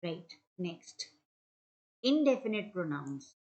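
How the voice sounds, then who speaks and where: Slow, patient woman teaching grammar. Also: lowish voice, sing-song, a little mellow, lo-fi sound. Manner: slow, patient explaining with examples. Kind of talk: grammar lesson for children.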